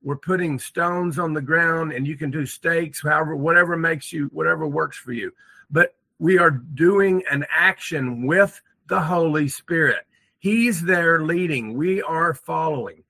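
Male guest, earnest, repeats himself, bright tense tone, dry sound. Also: on the high side, measured pace, vocal fry, dry recording. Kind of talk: casual chat.

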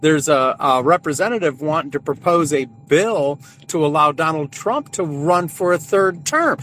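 A man's voice: fairly high pitch, animated, moderate pace, fairly bright tone, a little hiss or hum. A man calling in to a talk show, speaking earnestly in casual chat. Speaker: caller.

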